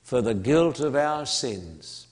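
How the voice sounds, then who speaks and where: An Australian man preaching a sermon at an unhurried, deliberate pace. His voice sits in an ordinary middle pitch, and he leans hard on each phrase, repeating words for emphasis and pausing between lines. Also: lively intonation. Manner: emphatic, slow preaching with long pauses and repetition.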